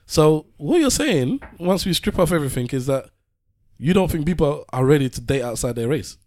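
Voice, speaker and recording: A man's voice: fairly high pitch, lively intonation, normal speed, a little mellow. A man in a casual podcast discussion, asking provocative, probing questions.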